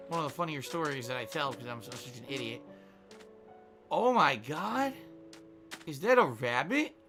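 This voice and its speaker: Bright-voiced male gaming streamer. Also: a little high. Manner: rambling, thinks aloud and reads out viewer tips. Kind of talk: live-stream gaming commentary.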